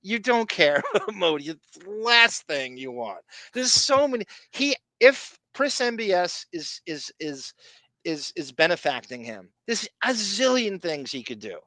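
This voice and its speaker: A male podcast host talking in a rambling, profane, excitable way. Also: high-pitched, a little slow, dry recording. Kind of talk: casual podcast chat.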